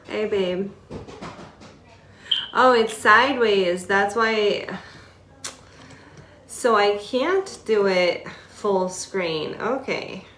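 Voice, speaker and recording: A woman's voice: medium pitch, very slow, long pauses, fairly bright tone, echoey room, a little hiss or hum. A woman hosting a casual live stream on her phone, chatty and easygoing, laughing now and then as she talks to a pet bird. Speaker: host of a parrot shop's live stream.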